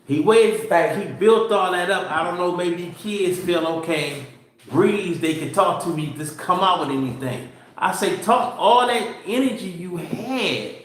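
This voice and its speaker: High-voiced middle-aged man telling rambling stories. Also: moderate pace. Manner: rambling storyteller who acts out his own dialogue. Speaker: show co-host. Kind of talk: casual live family chat. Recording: very echoey room.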